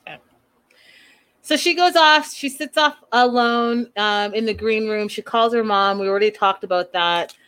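A woman with a slightly high voice recaps a reality show in casual chat. She talks in a gossipy, animated way, jumping into the cast's lines as she retells each scene. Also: normal speed, clear, resonant tone.

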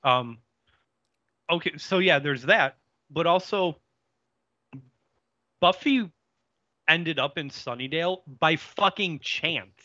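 A man's voice: on the high side, slow pace, pauses often, sharp tone, no echo, dull audio. A man co-hosting a podcast, talking through a TV episode in a casual, opinionated way and asking questions about the plot. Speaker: podcast co-host. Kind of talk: casual chat discussing a TV episode.

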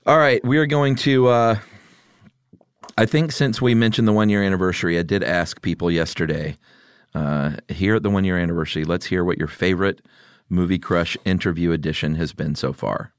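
A middle-aged man with a very low voice hosts a casual podcast chat. He is easygoing and laughs readily. The sound is close and dry. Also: fairly even intonation, a little fast, clear, resonant tone, dry recording. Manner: laid-back, laughs often, reads listener picks aloud. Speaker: podcast host.

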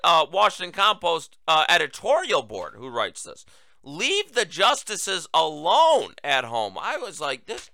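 A man's voice: a little high, sharp tone, dry recording. A man hosting a political commentary show, talking in a sarcastic monologue full of mocking asides. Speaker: host.

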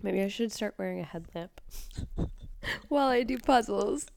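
A woman's voice: mid-range voice, expressive, a little slow, vocal fry, a little mellow, slight background noise. A woman co-hosting a podcast, recapping a TV episode in casual chat with lots of "um" and "like". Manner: chatty, frequent "um" and "like". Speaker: podcast co-host.

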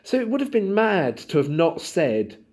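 A man from Southend, a comedian, chatting casually and acting out exchanges in animated anecdotes. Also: sits high, moderate pace. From Southend, England. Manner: animated storytelling, acts out dialogue. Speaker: comedian and podcast host. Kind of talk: casual chat.

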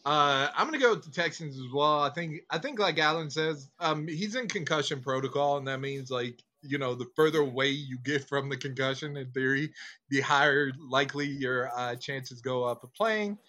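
A man's voice: mid-range voice, normal speed, bright, forceful tone. A man co-hosting a podcast in rambling, casual talk and laughing a lot. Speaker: podcast co-host. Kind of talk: casual chat.

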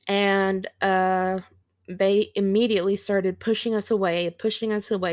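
A woman in her thirties hosting a podcast, telling a personal story in a slow, halting, reflective way and sounding teary. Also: medium pitch, fairly even intonation, darkish tone, no room sound, studio quality. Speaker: podcast host.

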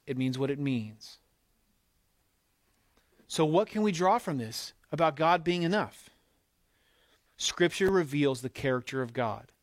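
In a dry recording with almost no echo, a man pastor preaches in a fairly high voice. His delivery is emphatic and conversational, and he drifts into quoted asides as he addresses the congregation.

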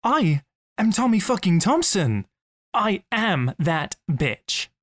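A man's voice: a little high, lively intonation, slow pace, a little mellow, exaggerated voice. A brash, profane young guy. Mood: self-pitying. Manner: profane, dramatic self-talk. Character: brash young man, swinging between self-pity and swagger. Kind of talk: audio drama outtakes.

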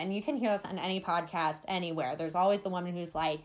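Animated young woman chatting casually. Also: fairly low pitch, fast, few pauses. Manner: animated, acts out quoted voices. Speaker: podcast co-host. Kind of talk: casual chat.

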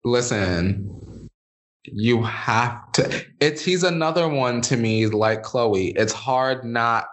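A man chatting casually as a podcast guest, animated and sassy, jumping up into high exclamations. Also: slow. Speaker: podcast guest, former reality show contestant.

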